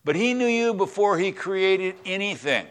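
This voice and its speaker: A man preaching a conversational sermon in a church, swinging between loud, stressed words and quiet asides. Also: sits high, animated, moderate pace. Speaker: pastor.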